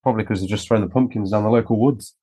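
A man's voice: fairly low pitch, fairly even intonation, rapid-fire, dark tone, husky. A man co-hosting a casual chat, asking jokey, cheeky questions. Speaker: podcast co-host.

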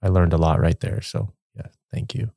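A podcast host with a very low, dark voice breaks in to thank his guest and asks a follow-up question. He speaks softly and appreciatively. The sound is dry and close to the mic. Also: moderate pace, creaky, no room sound. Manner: soft-spoken, appreciative, laughs along. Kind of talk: casual interview.

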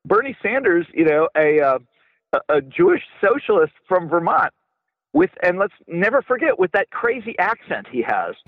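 A male author being interviewed on radio, talking in an animated way that often stumbles over and repeats his words. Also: sits high, moderate pace, no echo. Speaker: author guest. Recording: tinny phone-line sound.

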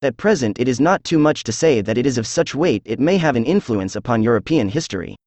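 A synthesized male voice reading the lines of a proud, anxious masked king in an audiobook, in an even machine delivery. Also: mid-range voice, fast talker, dry recording, lightly acted. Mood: formal. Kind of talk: text-to-speech audiobook dialogue.

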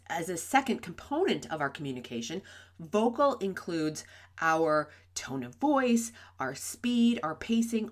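A middle-aged woman hosts her own podcast, explaining ideas with emphatic, animated delivery. Her voice sits fairly low, yet it swings widely in pitch as she stresses points. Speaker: podcast host. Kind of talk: podcast teaching on workplace communication.

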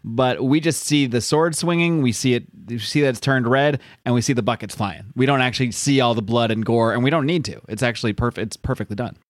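Man, mid-pitch, dry close mic, relaxed co-host commentary. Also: a little fast, few pauses, no echo. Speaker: podcast co-host. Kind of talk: casual chat.

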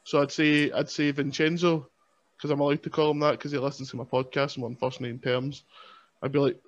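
Guy, chatty podcast guest, slightly high, lo-fi audio. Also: little pitch movement, brisk. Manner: rambling, joking, laughs often. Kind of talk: casual sweary chat. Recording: dull lo-fi sound.

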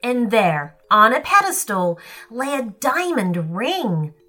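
A woman narrating a children's storybook in a slow, expressive way. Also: on the high side, soft background music.

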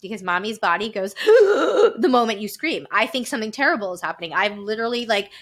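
A woman in her thirties, a podcast guest, speaking frankly and with animation and quick laughs. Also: medium pitch, big pitch swings. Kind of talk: candid conversational storytelling.

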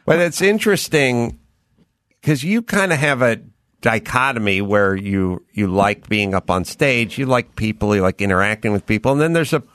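A male podcast host conducts a relaxed, casual interview. His voice sits at medium pitch and moves at normal speed, recorded with clean studio sound and no room noise.

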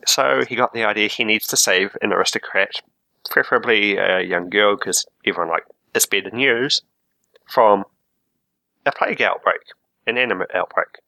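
A man's voice: on the low side, moderate pace, creaky, bright, forceful tone, no room sound, poor audio. A man playing a character in a tabletop role-playing game, casually explaining backstory. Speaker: player.

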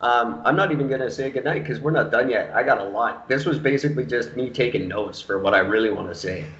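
Profane Canadian podcast host, roomy lo-fi. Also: male voice, mid-range voice, fast, a bit bright. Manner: profane, ranting, jokey impressions. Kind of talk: casual podcast chat. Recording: roomy, dull lo-fi home recording.

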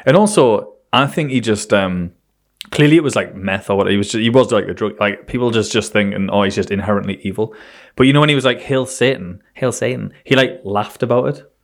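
A man's voice: lowish voice, lively intonation, fast talker. A young man, rambling and joking with many fillers in a casual chat.

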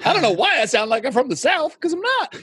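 A man playing a mellow, clueless former candidate in a comedy podcast, with a put-on Southern drawl. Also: very high voice, big pitch swings, fast talker, no room sound, studio quality, full character voice. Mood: laid-back. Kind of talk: comedy podcast role-play.

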